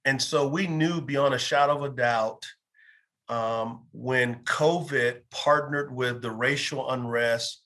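A man's voice: medium pitch, steady tone, takes it slowly, sharp tone. A man in his fifties, a pastor and former pro athlete, earnestly telling his faith story in an interview and acting out bits of quoted dialogue. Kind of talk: personal faith testimony in an interview.

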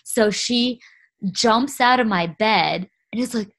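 A young woman with a slightly high voice chats casually with a friend. She tells her stories in a lively, excitable way, full of fillers. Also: takes it slowly. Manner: lively, laughing storyteller with lots of "like". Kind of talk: casual chat.

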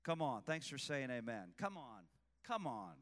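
A man preaching a sermon with passion, swinging between shouting and hushed asides. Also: medium pitch, sing-song, normal speed, long reverb tail.

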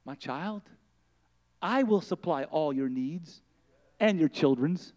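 A man voicing the Lord in a sermon story, speaking softly and tenderly to a weary woman. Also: fairly high pitch, lively intonation, pitched below the performer's own voice. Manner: soft, tender, slow.

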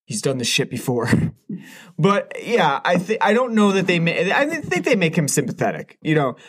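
A man's voice: fairly high pitch, very animated, normal speed, a bit bright, husky. A man co-hosting a casual film review chat, rambling with many fillers and restarts. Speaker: podcast co-host reviewing a film.

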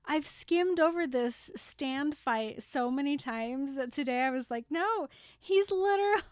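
A woman's voice: sits high, measured pace, clear, resonant tone, no echo, studio quality. A woman co-hosting a podcast, chatting casually and gushing about a book, laughing often. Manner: giggly, gushing, playful. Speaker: podcast co-host. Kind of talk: casual book-club chat.

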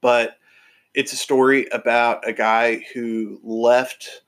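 A man's voice: medium pitch, little pitch movement, slow, fairly bright tone. A man hosting a podcast, chatting casually and enthusiastically with lots of fillers and restarts. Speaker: podcast host.

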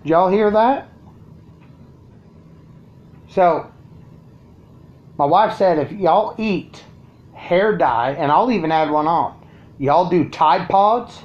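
A man's voice: sits high, animated, slow pace, pauses often, highs cut off. A man ranting crudely and sarcastically to his viewers from his home. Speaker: vlogger. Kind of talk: profane ranting monologue.

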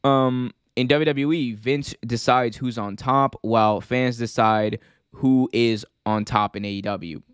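A man's voice: medium pitch, fairly even intonation, a little slow, clear, resonant tone, dry recording, clean studio sound. A man co-hosting a casual wrestling podcast, joking around and reading viewer comments aloud. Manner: jokey, reads chat comments aloud. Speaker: podcast co-host.

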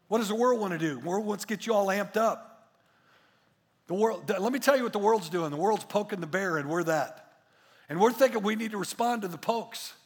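A man preaching a sermon as pastor, emphatic and repetitive, swinging between hushed asides and loud declarations. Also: sits high, moderate pace, gravelly, in a large hall.

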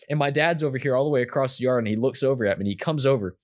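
A man's voice: medium pitch, fast talker, few pauses. A young man telling a story in casual chat, rambling and self-mocking with lots of fillers and restarts.

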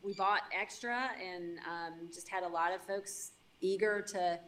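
A woman's voice: fairly low pitch, steady tone, measured pace, fairly bright tone. A woman guest in an interview, talking casually and thoughtfully with fillers.

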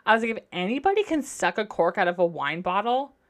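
A young woman hosting a casual solo podcast, recapping reality shows in a gushing, animated way and swearing freely. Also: medium pitch, quick pace. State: going through postpartum depression. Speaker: podcast host.

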